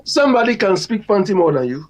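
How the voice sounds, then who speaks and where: Excitable man, high lively voice. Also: fast. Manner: excited, stammering interjections.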